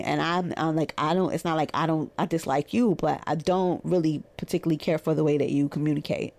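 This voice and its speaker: A woman's voice: brisk, creaky, hardly any pauses. A woman with a Brooklyn accent, a therapist in private practice, telling a story in a casual monologue and animatedly acting out quoted dialogue. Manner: animated, acts out quoted dialogue with rising pitch.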